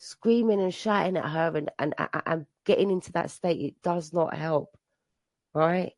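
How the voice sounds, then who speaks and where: A woman's voice: fairly low pitch, normal speed, a little mellow, no echo. A woman, a mother, sharing her personal recovery story at a meeting, telling it with emotion, repeating herself and restarting often. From England. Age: adult. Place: meeting room.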